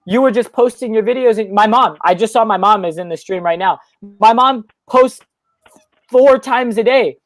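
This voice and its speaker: A young man, a guest musician, chatting eagerly in quick run-on sentences on a live stream. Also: high voice, dry recording. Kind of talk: casual chat on a live stream.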